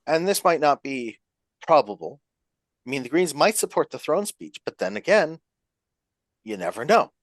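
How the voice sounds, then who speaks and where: A man's voice: fairly high pitch, very animated, moderate pace, long pauses, dry recording. A man explaining how government procedure works in a casual podcast chat. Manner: explanatory, walks through procedure.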